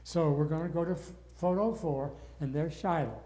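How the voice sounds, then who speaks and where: Older male Bible study teacher, mellow and slightly high voice, earnest, gets wound up. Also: normal speed. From northern United States.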